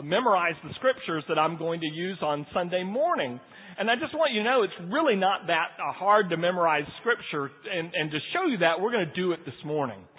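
A high-pitched, husky male pastor delivering a sermon in a conversational way and joking with his congregation. His voice rings with the long echo of a church hall and comes through thin and tinny, as if over a phone line. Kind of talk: sermon with scripture reading. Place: church sanctuary.

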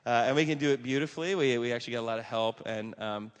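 A man in his forties, a pastor giving a casual, animated sermon with stories and lots of fillers. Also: mid-range voice, fast talker, clear, resonant tone. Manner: animated, conversational, many fillers, acts out quotes. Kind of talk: casual sermon talk with storytelling. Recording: long hall reverb.

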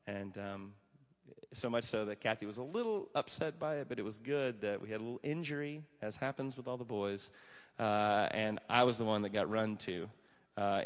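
A man in his forties, a pastor giving a casual, animated sermon with stories and lots of fillers. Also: mid-range voice. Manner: animated, conversational, many fillers, acts out quotes. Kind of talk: casual sermon talk with storytelling. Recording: long hall reverb.

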